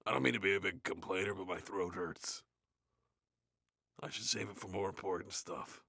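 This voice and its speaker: Cartoon role: a gruff, crude metal frontman with a sore throat, low gravelly growl, husky. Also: moderate pace, sharp tone, no room sound, clean studio sound, exaggerated voice. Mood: bored. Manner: bored, crude, swearing, mumbling asides. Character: gruff, grumbling male death metal frontman. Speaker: reader of a play. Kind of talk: comedic in-character reading.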